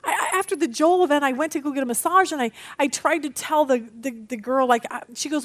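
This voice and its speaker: A middle-aged woman teaching a women's Bible study, chatty and animated, telling stories against herself. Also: sits high, normal speed. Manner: animated, chatty, self-deprecating storytelling.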